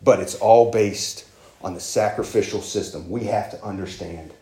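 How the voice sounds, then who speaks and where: A man's voice: lowish voice, moderate pace, mellow, reverberant. A man preaching a sermon as pastor, earnest and conversational, with emphatic rises.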